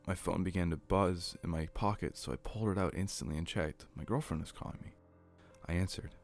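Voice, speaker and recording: A man narrates a horror story in a low, steady voice. His reading is earnest and even, with faint music playing underneath. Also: brisk.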